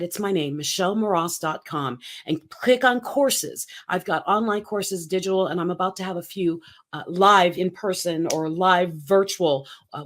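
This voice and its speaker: A woman in her fifties, a guest speaking coach, talking in punchy, emphatic motivational bursts. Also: fairly low pitch. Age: 50s. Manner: emphatic, punchy short phrases. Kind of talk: energetic motivational interview talk.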